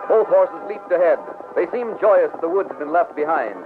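A man's voice: a little high, expressive, normal speed. Stirring old-time radio narrator, man. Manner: stirring, declamatory. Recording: tinny old radio with music.

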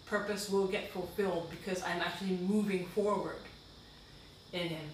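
An earnest woman reads her own reflective writing aloud as a guest, heartfelt and prone to quick asides. She sits well back from the mic in a strongly echoing room, with a faint hiss of background noise behind her. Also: fairly low pitch, steady tone, far from the mic.

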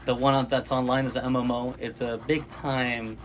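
A man's voice: mid-range voice, level tone, moderate pace. A man hosting a casual chat in a comic shop, laughing often and acting out the people in his stories. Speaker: podcast host.

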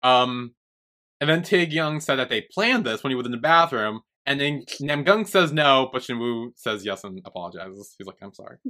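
A man's voice: medium pitch, expressive, moderate pace, sharp tone. A young man co-hosting a podcast, chatty and retelling scenes with frequent swearing. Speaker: podcast co-host. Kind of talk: casual chat.

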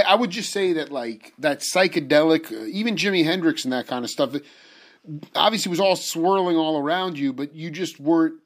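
Man, interviewer, slightly high voice, excitable, says "dude" a lot, casual chat. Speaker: interviewer host.

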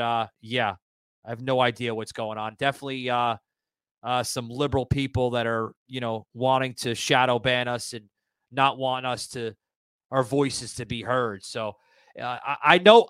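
A male podcast host runs a political talk show as a live audio room broadcast, ranting heatedly, swearing a lot and stumbling through stammering restarts as he gets fired up. His mid-range voice is a bit bright, clear and resonant, with no room sound.

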